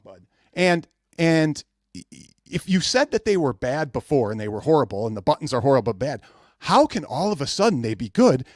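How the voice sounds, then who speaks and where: A man's voice: on the high side, no echo, studio quality. A man hosting a podcast from home, ranting in a heated, mocking way with many stumbles and restarts. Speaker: podcast host.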